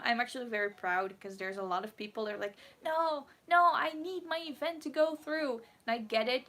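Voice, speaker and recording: A cosplayer woman chats casually on a livestream, reading comments aloud and answering them. She has a fairly high voice and keeps giggling as she rambles, with a playful, dramatic edge. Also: bright, forceful tone. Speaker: cosplayer streamer.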